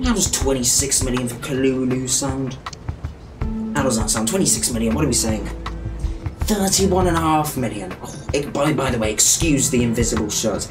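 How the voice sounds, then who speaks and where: A young British man giving excitable, cheeky live commentary on a football video game, with game music behind him. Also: medium pitch, moderate pace. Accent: British English. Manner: excitable, shouting and cheeky trash talk. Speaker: gaming YouTuber.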